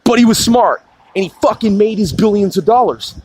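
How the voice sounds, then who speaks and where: A man's voice: high-pitched, a little fast, a little mellow, slight background noise. A man on a heated political rant, swearing constantly, repeating and restarting his sentences.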